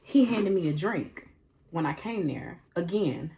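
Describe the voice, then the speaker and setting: A woman's voice: on the low side, sing-song, measured pace, creaky, mellow, muffled recording, a little hiss or hum. A young woman telling a personal storytime in a casual vlog, blunt and profane, laughing often and tagging lines with "okay?".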